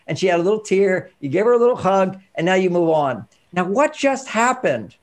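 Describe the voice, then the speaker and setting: A man coaching parents on emotions, telling stories and acting out the dialogue in an animated way. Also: high-pitched, a little fast. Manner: animated storytelling, acts out dialogue. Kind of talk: instructional talk with anecdotes.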